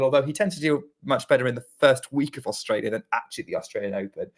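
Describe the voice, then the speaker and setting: British man calling tennis play-by-play. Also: mid-range voice. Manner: running play-by-play, quickens during rallies. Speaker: podcast co-host doing live commentary. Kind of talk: casual live watchalong commentary.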